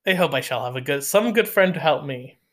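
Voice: mid-range voice, expressive, fairly quick, fairly bright tone. A reader doing a gushing pompous young squire. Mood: eager. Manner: gushing, repetitive. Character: pompous dim young gentleman landowner.

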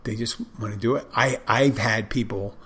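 With a fairly low, slightly rough, somewhat bright voice and fairly even intonation, a man recounts his days as a restaurant server and bartender. He speaks at a moderate pace, conversationally acting out his greetings to customers in a casual monologue.

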